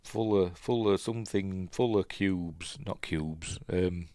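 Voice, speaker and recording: A man's voice: low-pitched, takes it slowly, mellow, no room sound. Rambling Yorkshire man recapping a film. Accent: Yorkshire English. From Yorkshire, England. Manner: rambling, self-deprecating, lots of fillers and asides. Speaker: podcast host reviewing films. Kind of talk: casual movie recap and commentary.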